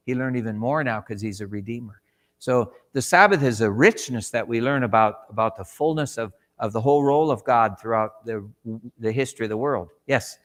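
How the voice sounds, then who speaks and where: Bible class teacher in a reverberant church. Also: male voice, mid-range voice. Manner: conversational, asks the class questions, acts out short quotes. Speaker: Sabbath school teacher. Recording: long hall reverb.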